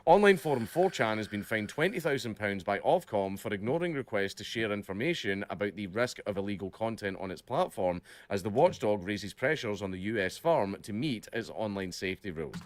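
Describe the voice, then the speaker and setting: A man's voice: on the low side, lively intonation, brisk, few pauses. A man co-hosting a livestream, reading out news and commenting bluntly and profanely, often repeating himself. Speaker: livestream co-host.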